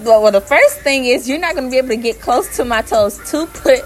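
A woman's voice: sits high, animated, faint music behind. A woman vlogger answering viewer questions in a candid, casual way. She speaks her mind plainly and often breaks into laughter. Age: adult mother. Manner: frank and opinionated, slow and deliberate, often breaks into laughter.

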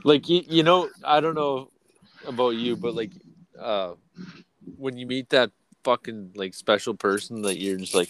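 A man in his thirties co-hosts a podcast, chatting casually, rambling, swearing heavily and laughing often. His medium-pitched voice is unhurried.

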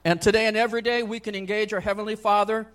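Male pastor, high voice, sermon; chatty asides, loud-to-hushed swings. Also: little pitch movement, fast talker. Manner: swings between loud exhortation and soft near-whispered asides; conversational, frequent "I mean" and "you know".

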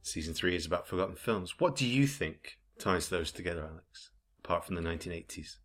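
A man's voice: sits low, lively intonation, a little fast, a bit bright. A man co-hosting a podcast in casual chat, with dry, understated humour. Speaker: podcast co-host.

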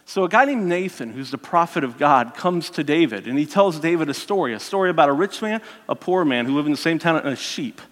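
A man preaching a sermon as a lively story, acting out the characters' voices and adding joking asides. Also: a little high, a little fast, few pauses, in a large hall. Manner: animated, voices the characters, self-mocking asides.

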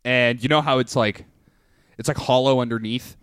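A man's voice: mid-range voice, steady tone, normal speed, fairly bright tone, smooth, no echo. A young man co-hosting a casual comedy podcast, joking, laughing often and acting out quoted arguments. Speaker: podcast co-host.

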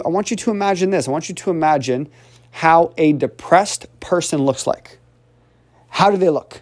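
Male self-improvement coach, energetic, constant check-ins, very animated voice. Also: sits high. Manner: swings voice up and down to demonstrate tone. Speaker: communication coach. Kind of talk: animated motivational teaching.

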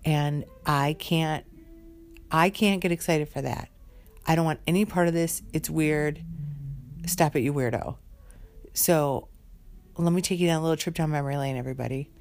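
A woman's voice: sits low, moderate pace. A woman ranting casually with an exasperated, profane, rambling manner, overtired and worn out.

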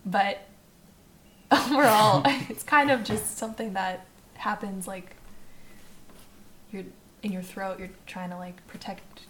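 Brief: a woman resident doctor on a chat podcast, mid-pitched, hedging and laughing, slight background hiss. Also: steady tone, takes it slowly, long pauses, fairly bright tone. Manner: tentative, hedging with frequent "like", laughs often. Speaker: medical resident guest.

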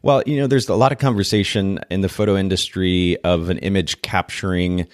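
A man's voice: low voice, fairly even intonation, fairly quick, dry recording, clean studio sound. A man hosting a podcast interview, talking in an effusive, casual way with frequent restarts. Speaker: podcast host.

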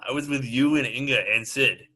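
A man's voice: medium pitch, moderate pace, pushed and bright, rough recording. A man in casual chat, telling a story in a matter-of-fact way with some swearing.

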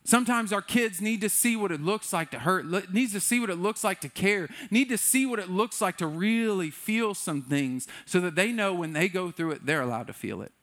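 A man preaching a sermon as a pastor, candid and self-deprecating, shifting between lively bursts and quiet earnest passages. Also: high voice, fairly quick, hardly any pauses.

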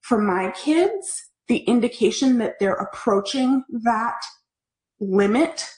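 A woman hosting a live online parenting class, talking in an animated, chatty way as she answers viewer comments. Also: fairly high pitch, takes it slowly. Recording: echoey room.

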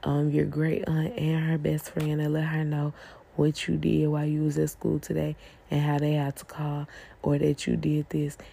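A woman's voice: low-pitched, monotone, moderate pace, creaky, dark tone, slightly rough. A woman hosting a faith-based parenting talk, earnest and pleading, asking rhetorical questions. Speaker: podcast host.

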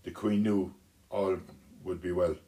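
A man telling a children's story aloud, unhurried, with small restarts. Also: low-pitched, little pitch movement, dark tone.

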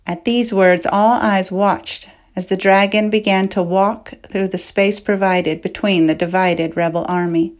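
A woman narrating a fantasy audiobook chapter with measured, dramatic storytelling. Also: mid-range voice, steady tone. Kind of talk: scripted narration.

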